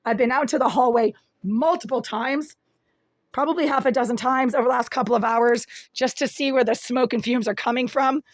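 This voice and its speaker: A raspy-voiced woman filming a first-person complaint video in a small apartment room on a handheld phone, talking in an aggrieved, detailed and insistent way. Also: fairly high pitch, a little fast, dry recording. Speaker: vlogger.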